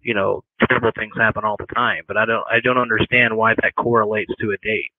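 A man in an online chat room who argues in a skeptical, measured way. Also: on the low side, flat delivery, no room sound, phone-quality sound.

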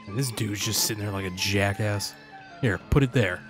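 A man's voice: fairly low pitch, moderate pace. A man rambles through a city-building game in casual commentary, swearing freely and heckling the little townsfolk. His tone is sarcastic and loose. Faint game music plays underneath. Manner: profane, sarcastic, talks to game characters. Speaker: gaming channel host.

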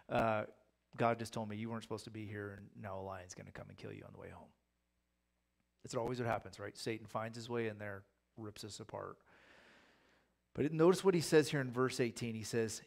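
A man's voice: lowish voice, steady tone, quick pace, creaky. A man preaching a casual, conversational Bible teaching, acting out the voices of the people in his stories. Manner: conversational, acts out quoted voices. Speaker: pastor.

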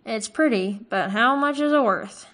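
A woman's voice: on the high side, measured pace, a bit bright. A woman doing a scornful, sneering village butcher. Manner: scornful, sarcastic and snappish. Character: sneering, suspicious small male village butcher.

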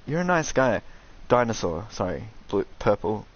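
Young man, ranting gamer commentary, very animated pitch, dull lo-fi mic. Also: moderate pace. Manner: excitable, sweary, ranting. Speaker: gaming streamer. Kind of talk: casual game commentary.

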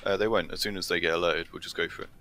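A man's voice: deep voice, fairly even intonation, rapid-fire, sharp tone, slight background noise. A man chatting casually and easygoing during co-op gameplay. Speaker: gamer.

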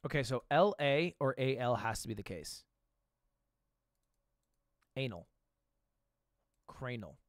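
Young streamer guy muttering word guesses and swearing, lively pitch, dead dry room. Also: slow pace, long pauses, no echo. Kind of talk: casual gaming commentary.

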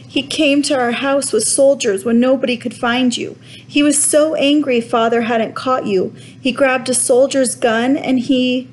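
A woman's voice: fairly even intonation, normal speed, a little mellow, a little hiss or hum, close to an everyday voice, rough recording. Woman doing a sobbing frightened boy. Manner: sobbing, high-pitched pleading. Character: frightened, tearful boy who blames others.

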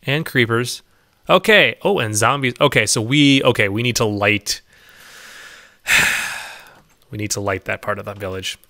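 A man's voice: mid-range voice, a little slow, long pauses, pushed and bright. A man giving casual gameplay commentary as a let's play host, chatty and often laughing, coaxing game animals in a singsong voice.

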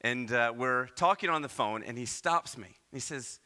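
A man from Iowa preaching a sermon as pastor, with animated delivery and many rhetorical questions. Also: mid-range voice, normal speed, smooth. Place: church.

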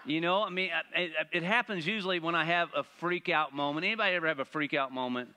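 A man preaching a sermon, animated and playful, asking the congregation rhetorical questions. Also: fairly high pitch, fast, clean tone. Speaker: pastor.

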